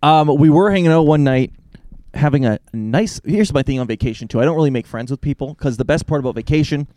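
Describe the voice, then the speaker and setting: A man's voice: a little high, fast talker, dark tone, no room sound. A man co-hosting a podcast, throwing in dry, sarcastic quips in casual chat. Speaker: podcast co-host.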